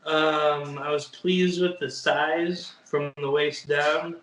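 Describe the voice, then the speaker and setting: A man's voice: fairly high pitch, flat delivery, slow pace, a bit bright, recorded from a distance. A young man, a bodybuilder, chatting casually as an interview guest, easygoing and hesitant with lots of fillers. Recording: echoey room.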